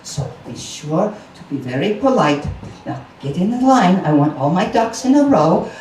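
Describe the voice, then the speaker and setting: Male storyteller doing a fussy mother duck, high and fluttery, lively ups and downs, recorded from a distance. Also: moderate pace, slight background noise. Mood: bossy. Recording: roomy live recording from a distance.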